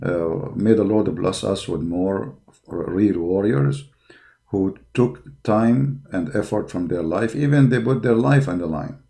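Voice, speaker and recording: A man's voice: fairly low pitch, slow pace, vocal fry, dark tone. A man giving an impassioned online commentary in non-native English. He talks in a combative, preaching way, with frequent fillers. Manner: combative and preaching, grows heated and mocking. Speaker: religious commentator.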